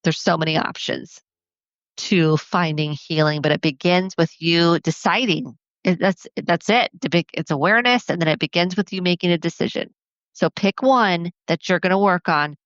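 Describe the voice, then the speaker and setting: A woman hosting a podcast as a family therapist, talking earnestly and encouragingly, counting off her points slowly. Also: fairly low pitch, no echo, muffled recording. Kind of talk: solo podcast talk.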